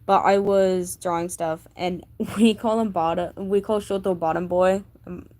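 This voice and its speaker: A woman's voice: on the low side, steady tone, unhurried, warm tone. A woman vlogger chatting casually about her sketchbook, rambling with many fillers and gushing like a fan. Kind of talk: casual chat.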